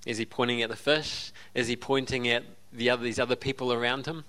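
Bright-voiced Australian pastor, chatty. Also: male voice, medium pitch, steady tone, quick pace. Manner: conversational storytelling with asides and laughs. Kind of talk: sermon.

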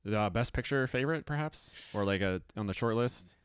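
A man with a very low voice co-hosts a casual podcast. He jokes in a halting, stop-start way and often lets his sentences trail off. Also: animated, smooth, dry recording. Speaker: podcast co-host. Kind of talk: casual chat.

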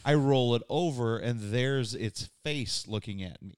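A man's voice: mid-range voice, a little slow, darkish tone, clean tone, no room sound, clean studio sound. Exasperated man telling a story. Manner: exasperated, dramatic, indignant. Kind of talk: casual storytelling chat.

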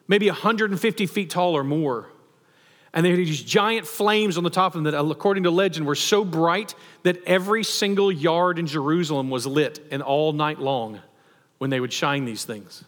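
A man preaching a sermon as pastor, animated and asking the congregation questions. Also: a little high. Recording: long hall reverb.

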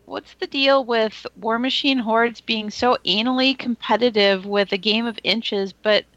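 A woman's voice: fairly high pitch, steady tone, measured pace, a bit bright, no echo. Blunt woman on a dull, dry line. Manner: blunt and joking. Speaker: podcast co-host. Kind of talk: casual hobby chat.

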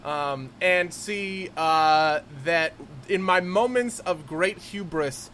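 A man co-hosting a casual podcast chat, animated and quick to laugh. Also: high-pitched, slight background noise. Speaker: podcast co-host.

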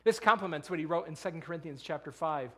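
A man's voice: fairly high pitch, fast, fairly bright tone. A middle-aged man, a pastor, preaching a sermon, earnestly reading scripture and asking the congregation rhetorical questions.

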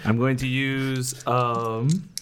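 A man's voice: mid-range voice, little pitch movement, drawn-out words, background noise. A man playing a tabletop game, casual and playful, often laughing. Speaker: player.

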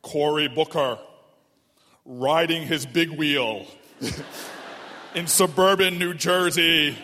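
A man putting on a grandiose, booming documentary narrator voice, slow and solemn, in a large public hall. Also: bright, forceful tone, slight background noise. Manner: slow, solemn, dramatic delivery. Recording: reverberant hall from far off.

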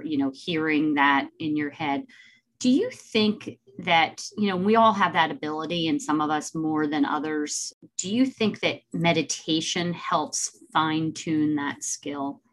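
Reflective woman interview host, lowish voice. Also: lively intonation, a little slow. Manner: reflective, thoughtful questions. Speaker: podcast host. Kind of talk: interview conversation.

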